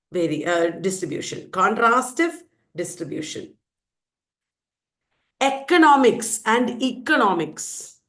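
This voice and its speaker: Woman quizzing students in a slow lecture. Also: on the high side. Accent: Indian English. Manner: quizzing students, repeating answers slowly and emphatically. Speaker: teacher.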